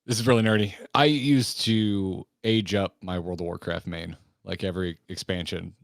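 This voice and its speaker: A man hosting a podcast, chatting casually and telling relaxed anecdotes, acting out the quotes. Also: low voice, moderate pace, gravelly, dry recording, clean studio sound. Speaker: podcast host.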